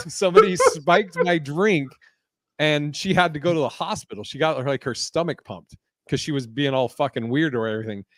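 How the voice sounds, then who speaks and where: A man telling a story in a casual podcast chat, animated and profane, laughing often as he talks. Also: medium pitch, fast, no room sound, studio quality.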